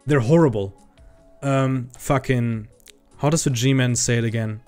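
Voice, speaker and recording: A man's voice: mid-range voice, unhurried. Profane ranting man streaming. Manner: profane, ranting, gets heated and loud. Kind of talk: casual livestream chat. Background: faint background music.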